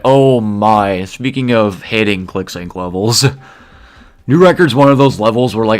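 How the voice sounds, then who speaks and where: A man giving casual, opinionated gaming commentary, rambling and peppering his talk with fillers. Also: on the low side. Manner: opinionated, rambling, heavy use of "like". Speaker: gaming video creator.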